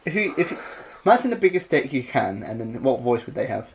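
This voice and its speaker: Lively man questioning on a podcast. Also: mid-range voice, vocal fry. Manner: animated, quick to question. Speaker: podcast co-host. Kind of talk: casual chat.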